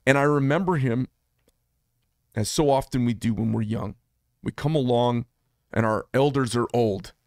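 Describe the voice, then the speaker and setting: A man's voice: medium pitch, moderate pace, pauses often, darkish tone, dry recording, studio quality. A man in his fifties hosting a solo commentary show, speaking in an impassioned, emphatic way and often repeating himself for effect. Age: 50s. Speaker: podcast host.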